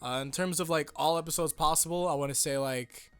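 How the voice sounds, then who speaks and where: Young male anime reviewer, slightly high voice, rambling and profane, over faint background music. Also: brisk, smooth. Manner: excitable, rambling, heavy swearing. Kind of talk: casual episode review.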